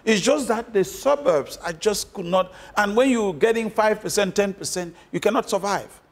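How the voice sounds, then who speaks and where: Middle-aged man from Cameroon, high-pitched, emphatic interview guest who hammers points with rhetorical questions. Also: animated, normal speed. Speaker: political guest. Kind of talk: interview answers.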